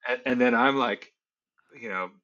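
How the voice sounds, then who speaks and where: A man's voice: mid-range voice, normal speed, bright, forceful tone. A man co-hosting a podcast in casual chat, rambling and leaning on filler words. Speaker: podcast co-host. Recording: slightly dull lo-fi audio.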